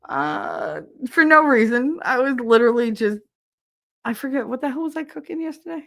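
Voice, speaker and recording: Expressive and fairly bright, this middle-aged woman's high voice has vocal fry and a moderate pace. She's a podcast host reading live chat in a casual livestream, profane and irreverent, often laughing and performing the quotes.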